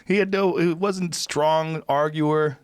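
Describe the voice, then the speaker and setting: A man hosting a casual podcast, chiming in with short, easygoing questions and quick agreements. His voice is a little high for a man, and it is recorded dry and close to the microphone. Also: fairly even intonation, smooth, no echo. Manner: short low-key interjections and questions. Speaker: podcast host.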